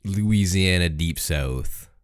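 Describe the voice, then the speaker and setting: A woman's voice: extremely low pitch, slow, clean tone, no room sound, clean studio sound. A woman from the American South co-hosting a podcast, laid-back, chatting about a film with short agreeing remarks. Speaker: podcast co-host. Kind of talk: casual film review chat.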